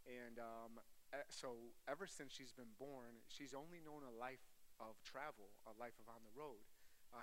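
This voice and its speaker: A man in his thirties, a traveling preacher, giving a chatty, joking sermon that turns softly earnest, to an audience in a large hall. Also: mid-range voice, slight background noise.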